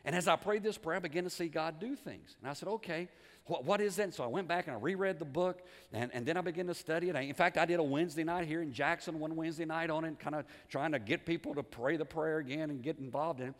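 A man preaches with a folksy, animated delivery, repeating words as he goes and dropping from loud emphasis to soft asides. His voice sits a little high for a man. A long reverb from a large church hall trails each phrase. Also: quick pace. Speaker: pastor. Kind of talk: sermon. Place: church sanctuary.

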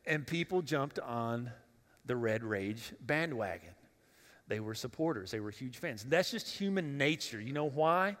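A man's voice: fairly high pitch, a bit bright. A man preaching a sermon as pastor in a church, talking casually and directly, putting questions to the congregation and often repeating words as he restarts. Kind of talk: conversational sermon. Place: church sanctuary. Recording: long reverb of a church hall.

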